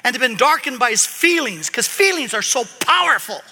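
Male pastor, sermon, animated delivery, very high and sharp-toned voice, hall echo. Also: normal speed. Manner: animated, swings from loud emphasis to quiet asides. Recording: long hall reverb.

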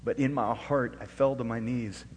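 A middle-aged man from Alaska preaching a sermon and telling his own story. He moves between hushed storytelling and loud, rising preaching. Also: mid-range voice, fairly even intonation, normal speed, in a large hall, a little hiss or hum. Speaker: pastor. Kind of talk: sermon with personal testimony.

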